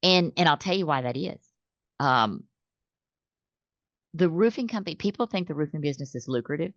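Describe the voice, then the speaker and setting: A low-pitched woman, talking in a lively, conversational way as a guest on an interview. She tells stories and acts out the voices of customers. The recording is dry and a little dull. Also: normal speed, no room sound. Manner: animated storytelling, acts out customer calls. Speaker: business owner guest.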